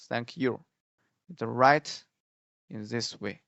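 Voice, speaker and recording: Very slow-talking man teaching pinyin. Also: mid-range voice, gravelly, no echo, muffled recording. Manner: repeats syllables loudly, halting explanations with many fillers. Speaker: Mandarin teacher. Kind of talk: slow pinyin pronunciation lesson.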